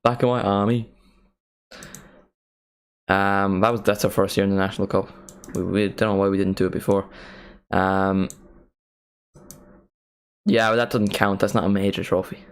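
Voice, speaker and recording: A man's voice: sits low, flat delivery, moderate pace, clear, resonant tone. A man with an Irish accent hosting a football watchalong stream, chatting casually in a rambling, self-mocking way. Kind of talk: casual live-stream chat.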